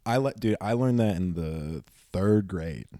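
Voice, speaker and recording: A man's voice: deep voice, measured pace, no room sound, studio quality. A young man and comedy podcast co-host, trading jokes in casual banter and acting out voices as he tells stories. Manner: animated storytelling with acted-out voices and laughter.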